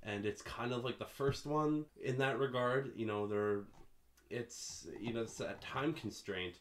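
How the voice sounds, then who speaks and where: A young man hosting a casual podcast chat, relaxed and rambling, with lots of fillers. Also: medium pitch, measured pace. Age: young adult. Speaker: podcast host.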